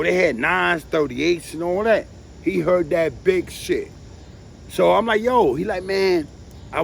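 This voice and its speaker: A man telling profane, animated street stories, who has been drinking. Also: high-pitched, vocal fry, slight background noise. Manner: profane, animated street storytelling with sound effects. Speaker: interviewee. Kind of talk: casual storytelling.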